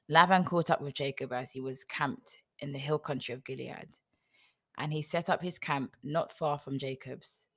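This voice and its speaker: A woman's voice: low voice, fairly even intonation, moderate pace. A woman reading a scripture story aloud in a casual way, now and then breaking off for a wry joke. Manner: reads aloud, breaking off for wry joking asides. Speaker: scripture reader.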